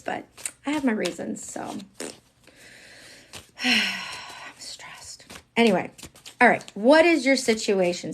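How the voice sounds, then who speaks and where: On a live stream, a woman does a laid-back tarot reading, talking frankly, cursing often and leaning on fillers. Her voice jumps around in pitch and volume, sometimes loud, sometimes almost a whisper, with slight background noise behind her.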